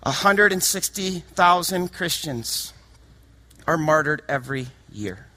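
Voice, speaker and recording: A man preaching a sermon with passion, dropping to a hush and then rising to shouts. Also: on the high side, animated, takes it slowly. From United States. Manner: impassioned, swings from hushed to shouting.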